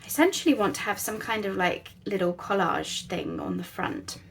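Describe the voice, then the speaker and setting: A woman talks through a craft project in a relaxed, rambling way, often poking fun at herself. Her mid-pitched voice has a gravelly, creaky edge, and faint noise sits in the background. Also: normal speed. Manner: chatty, rambling, self-deprecating. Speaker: crafting channel host. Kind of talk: casual craft tutorial chat.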